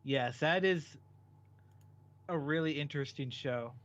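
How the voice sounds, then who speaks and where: Relaxed man, slightly high voice, co-host, muffled lo-fi sound. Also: measured pace, dry recording. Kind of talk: casual chat.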